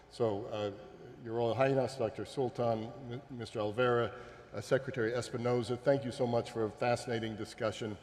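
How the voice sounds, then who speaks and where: A man's voice: lowish voice, darkish tone. A man moderating a forum panel, polite and formal, thanking the speakers. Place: large conference hall. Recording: hall reverb, faint ambience.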